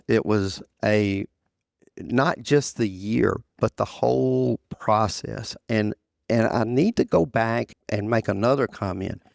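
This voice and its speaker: A man's voice: on the low side, vocal fry, no echo, clean studio sound. An older man, a former association president, telling a long story in an interview, often repeating phrases and quoting others. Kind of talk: storytelling in conversation.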